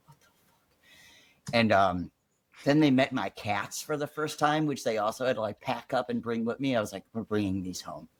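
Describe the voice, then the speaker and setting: With a medium-pitched voice and no room sound, a young man from Chicago tells his own story on a podcast. He's casual and animated, saying "like" constantly.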